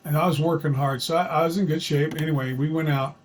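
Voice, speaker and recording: A man's voice: on the high side, steady tone, quick pace, a little hiss or hum, poor audio. A man telling a true story from his own life in a chatty, folksy way, with plenty of fillers and restarts. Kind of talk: casual personal storytelling.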